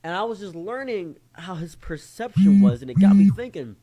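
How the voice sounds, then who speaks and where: Animated man telling a story. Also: sits high, normal speed, dull audio. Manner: animated, acts out quoted voices. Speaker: storyteller in a clip. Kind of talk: anecdotal storytelling.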